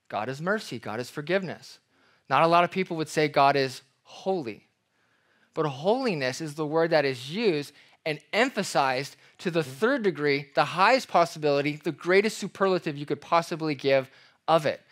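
A man preaching a sermon as pastor, reading scripture with emphasis and acting out everyday examples. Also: fairly high pitch. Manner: expressive preaching, reads scripture aloud with emphasis; acts out everyday examples in playful voices.

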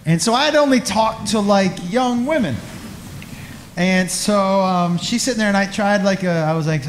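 A man's voice: sits high, normal speed, roomy sound, a little hiss or hum. A man telling a crude, self-mocking stand-up story on a comedy club stage.

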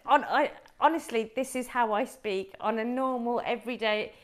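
Hosting a live cooking show, a middle-aged woman from Wolverhampton, England, chats to her viewers and explains each step. She speaks at a moderate pace in a voice on the high side.

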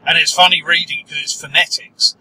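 A man's voice: fairly high pitch, fairly even intonation, brisk, bright, forceful tone. A man joking and laughing while driving a car, with a playful, self-mocking manner. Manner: jokey, giggly, self-mocking. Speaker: vlogger, driver. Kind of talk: casual chat. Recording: distant voice over car noise.

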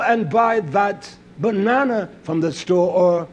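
An older man preaching a sermon in a fiery, scolding way, swinging from loud outbursts to low, quiet stretches. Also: slow, dull audio.

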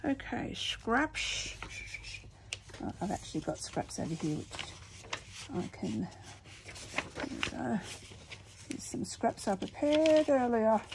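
Sitting at her table at home, a woman hosting a craft video chats unhurriedly to the camera, a little on the high side in pitch. She narrates every step to herself in small murmured asides, while a steady background noise is clearly audible beneath her.

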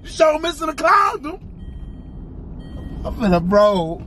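A young man filming a prank vlog, shouting and pleading in a distraught argument with his girlfriend. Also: extremely high pitch, sing-song, slow, noisy background. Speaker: vlogger.

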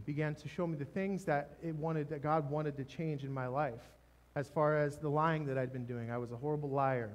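A man preaching a sermon, telling a personal testimony in an emotional, halting way with many restarts. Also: on the high side, a little mellow. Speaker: pastor. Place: church stage.

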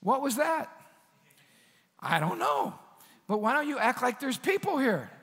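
A man preaching a sermon as pastor, in a conversational, animated style with asides to the congregation. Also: very high-pitched, measured pace, vocal fry, slightly rough, long reverb tail. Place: church sanctuary.

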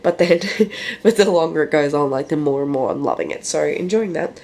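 An Australian woman with a lowish voice talks candidly to her viewers at home, sounding like she has a cold. She chats freely and doubles up words for emphasis. The room is echoey, with a faint hum in the background. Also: a little fast, darkish tone. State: sick with a cold. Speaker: book vlogger. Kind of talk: casual vlog chat.

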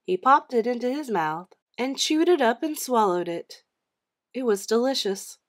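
Woman, children's book narration, animated intonation, expressive. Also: fairly high pitch, unhurried. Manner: expressive, storytelling delivery. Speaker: read-aloud host. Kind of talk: storybook read-aloud narration.

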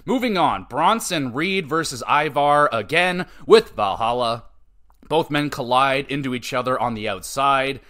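A man's voice: medium pitch, lively intonation, unhurried, fairly bright tone. A young man hosts a casual wrestling recap podcast. He runs through the matches with wry asides and drops in the odd swear. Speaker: podcast host.

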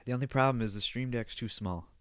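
A man's voice: medium pitch, fast talker, a bit bright, clear, resonant tone, no echo. A young man hosting a casual solo podcast from Canada, rambling and joking, swearing freely and sniffling now and then, on a close desk microphone. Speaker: podcast host.

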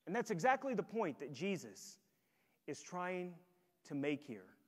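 A man's voice: sits high, sing-song, unhurried. A male pastor preaching a sermon to his congregation, emphatic and fond of rhetorical questions. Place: church sanctuary. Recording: long church hall reverb.

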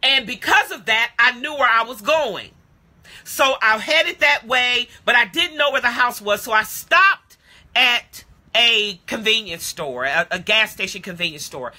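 Woman preacher, very bright tone, dramatic testimony sermon, addresses the congregation directly. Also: animated, a little slow. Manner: dramatic, drops to a hushed low voice at solemn moments; addresses listeners directly, calls them beloved. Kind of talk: sermon storytelling. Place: home, streamed live to social media.

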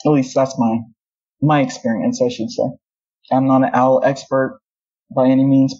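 A woman's voice: very deep voice, warm tone, breathy edge. A woman guest telling a story in a casual, rambling way, with many asides and self-corrections. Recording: dull lo-fi audio.

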